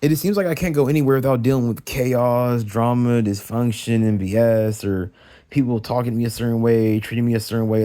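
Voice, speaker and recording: A man's voice: mid-range voice, fairly even intonation, a little fast, dark tone. A young man venting in an agitated, profane late-night rant, tripping over restarts as he goes. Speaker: vlogger.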